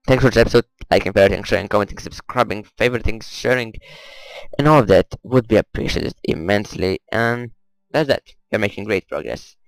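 A man's voice: on the low side, a little fast, gravelly, no room sound, rough recording. A man casually commenting on a strategy game he is playing, rambling, muttering to himself and swearing at the game now and then. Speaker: gameplay commentator. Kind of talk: casual let's-play commentary.

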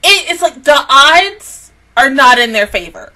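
A woman's voice: high voice, animated, measured pace, sharp tone. A young woman hosting an anime reaction channel, talking casually and emotionally, swearing often as she reacts.

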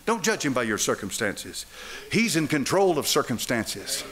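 Older preacher, lively and animated. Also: male voice, mid-range voice, moderate pace. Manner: animated preaching with rhetorical questions to the congregation. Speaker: pastor. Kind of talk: sermon. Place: church sanctuary.

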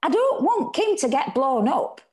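Woman playing a shrill young mum, high and loud when she pushes back. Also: big pitch swings, measured pace. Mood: chatty. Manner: shrill, emphatic. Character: young working-class mother, protective, excitable.

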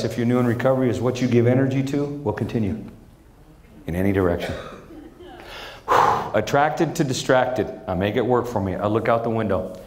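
Animated male stand-up in an echoey theater. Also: mid-range voice, a little hiss or hum. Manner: animated storytelling, acting out family voices. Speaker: stand-up comedian. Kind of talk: stand-up comedy set. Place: large theater stage. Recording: echoey live theater with audience.

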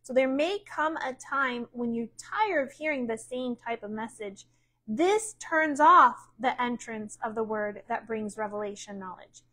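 A middle-aged American woman teaches a midweek sermon. Her voice sits a little high, and she reads passages aloud before unpacking them, often restarting a phrase. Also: animated, a little slow, sharp tone, low-quality recording. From United States. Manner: reads aloud then explains with repeated restarts. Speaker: pastor. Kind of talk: sermon teaching, reading from a book.

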